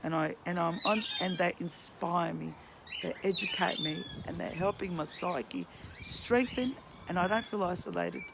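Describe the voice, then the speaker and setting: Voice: mid-range voice, lively intonation, a little slow, gravelly. A vlogger ranting heatedly outdoors, swearing and pleading with a strained voice that is starting to give out. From Australia. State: voice strained and going. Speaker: vlogger and counsellor. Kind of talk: emotional ranting vlog. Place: outdoors near a duck pond. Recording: loud birds and outdoor noise. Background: loud birdsong and quacking.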